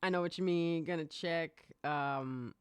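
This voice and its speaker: A podcast host in their forties, chatting excitably on a live stream, rambling, laughing often and swearing freely. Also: medium pitch, a little slow, smooth, dry recording, studio quality.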